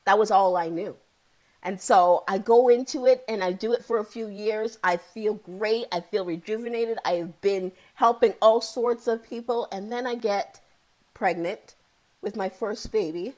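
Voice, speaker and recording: A woman in her thirties or forties shares a personal story as a guest. She speaks earnestly and with feeling, often circling back to repeat a phrase for weight. Her voice sits at an ordinary middle pitch. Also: measured pace, darkish tone, rough recording. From Ontario, Canada. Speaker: psychotherapist guest.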